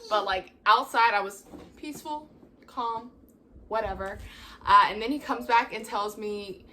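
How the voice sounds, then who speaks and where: A woman's voice: mid-range voice, a little slow, bright, forceful tone, a little hiss or hum. A young woman hosting a vlog, chatting casually and laughing often as she acts out what people said. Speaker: vlog host. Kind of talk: casual storytelling.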